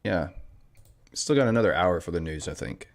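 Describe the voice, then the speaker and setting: A man hosts a trading live stream from his desk and chats offhandedly with viewers. His voice sits on the low side, and he reads out comments and wanders between thoughts, often correcting himself mid-sentence. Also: lively intonation, moderate pace, creaky. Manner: rambling, offhand, self-correcting.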